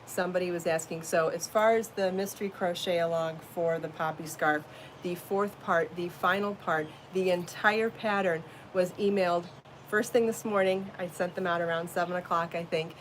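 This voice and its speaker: A woman's voice: lowish voice, steady tone, normal speed, slight background noise. A woman hosting a casual live podcast from home, chatty and bubbly, laughing often as she talks. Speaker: podcast host and crochet designer. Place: home, then out in her garden.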